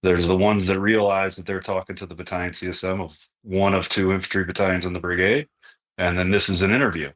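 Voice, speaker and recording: Quick-paced and a bit bright, this low voice keeps a fairly even intonation, and the sound is lo-fi. It belongs to a middle-aged retired army sergeant major talking plainly as a podcast guest in a casual interview. He often tacks "right?" onto his sentences.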